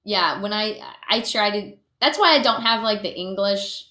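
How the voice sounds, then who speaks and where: A woman's voice: mid-range voice, normal speed, sharp tone, roomy sound. An American woman, a voice actor, chatting casually as a podcast guest, giggling often and restarting her sentences. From United States. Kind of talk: casual chat.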